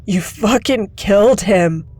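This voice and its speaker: A woman's voice: fairly low pitch, slow, husky, no echo. A woman doing a choked, tearful, furious teenage boy. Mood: anguished. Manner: shouting, strained. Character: distraught, furious teenage boy grieving a friend.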